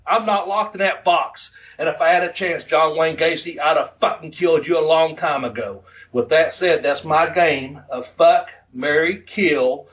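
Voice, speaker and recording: Male podcast co-host, fairly high voice, foul-mouthed animated ranting, a little distant from the mic. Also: normal speed, few pauses. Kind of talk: casual podcast rant.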